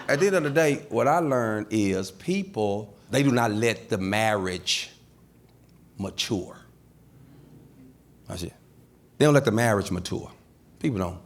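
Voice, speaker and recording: On a comedy stage before a live audience, a middle-aged man performs stand-up, animatedly telling stories and acting out the people he quotes. His voice is mid-range at a moderate pace, with slight background noise.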